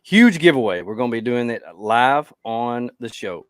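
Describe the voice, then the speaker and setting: A man's voice: medium pitch, expressive, moderate pace, fairly bright tone, clean tone, no echo, clean studio sound. A tired man co-hosting a podcast, chatting casually and rambling as he loses his train of thought. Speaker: podcast co-host.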